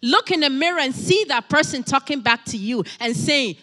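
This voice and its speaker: A woman's voice: sits high, expressive, normal speed, hardly any pauses, a bit bright, big-room sound. A woman preaching a sermon in a church, emphatic, repeating key phrases and building to exhortation.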